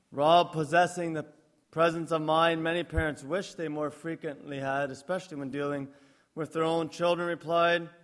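A male pastor giving a sermon, telling a story and reflecting on scripture in a measured storytelling manner. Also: on the high side, level tone, a bit bright. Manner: storytelling with acted quotes.

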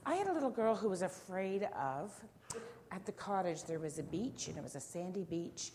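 Low-voiced woman telling a classroom story. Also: very animated, moderate pace. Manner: gentle, questioning, anecdotal. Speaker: teacher reading to children. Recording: noisy classroom recording.

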